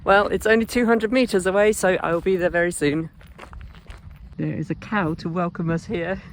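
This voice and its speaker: A woman's voice: fairly low pitch, steady tone, moderate pace. Woman chatting away on a country walk, wry and amused, a bit of outdoor hiss behind. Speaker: travel vlogger. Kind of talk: casual walking vlog narration. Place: outdoors, walking through countryside.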